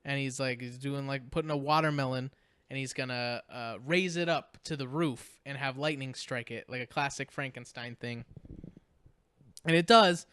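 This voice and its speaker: A man's voice: mid-range voice, moderate pace, fairly bright tone, clean tone. A man co-hosting a podcast, casually recapping a movie, rambling and laughing as he mocks the characters in quoted voices. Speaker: podcast co-host.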